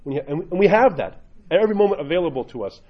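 A man's voice: on the high side, very animated, racing, lo-fi sound. A man speaking as a priest, giving an informal sermon in a blunt, joking, emphatic way.

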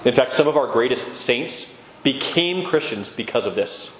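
A man with a mid-range, expressive voice speaks at a moderate pace, delivering a conversational, sermon-like talk on Orthodox Christian living and acting out the voices he quotes. The room is echoey, with a long reverb tail.

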